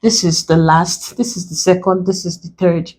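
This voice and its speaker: On a rough recording, a woman with a Nigerian accent teaches exam prep, breaking words into syllables and spelling their letters one at a time. Her voice is lowish and darkish with fairly even intonation, and her delivery is slow and deliberate.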